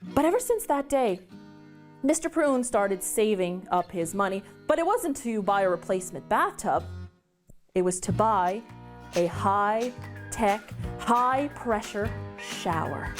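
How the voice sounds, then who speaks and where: A woman telling a story live to children in an animated, dramatic way. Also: medium pitch, slow, soft background music.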